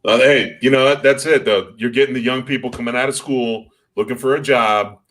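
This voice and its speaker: A man on a casual podcast, cracking quick jokes and quips. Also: medium pitch, fairly even intonation, fairly bright tone. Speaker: podcast co-host. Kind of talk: casual chat.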